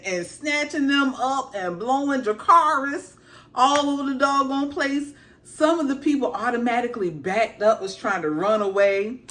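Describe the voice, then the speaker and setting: A woman reviewer giving a casual, slangy episode recap, acting out the characters as she goes. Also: mid-range voice. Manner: animated, slangy storytelling with acted-out asides. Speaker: TV show reviewer.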